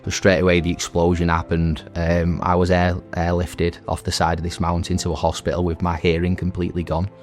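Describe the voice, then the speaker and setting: A man in his thirties, a veteran and recovery centre graduate, gives earnest personal testimony in a halting way with many restarts. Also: deep voice, completely flat delivery, faint music behind.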